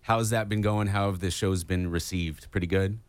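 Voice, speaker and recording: A man with a low voice hosts a casual radio interview. He is chatty and enthusiastic, and he fills his pauses with uhs as he talks to his guest. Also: fairly even intonation, smooth, no echo. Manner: chatty, enthusiastic, lots of fillers. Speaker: radio host.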